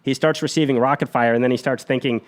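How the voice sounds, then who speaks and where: A man on a podcast retelling a war story in an energetic, blunt, profane way. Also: mid-range voice, quick pace.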